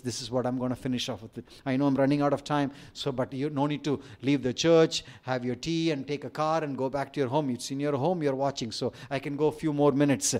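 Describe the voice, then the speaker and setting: A man's voice: medium pitch, darkish tone. A middle-aged man with an Indian accent, preaching a sermon with rising emphasis and light humorous asides. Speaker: pastor.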